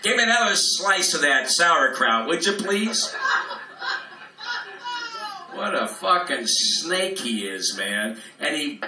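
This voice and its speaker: A man's voice: fairly low pitch, sharp tone. A man doing a live stand-up set as a comedian, in a profane, rambling, free-form ad-libbed rant. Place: club room, live in front of an audience. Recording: roomy echo, distant mic, faint room noise.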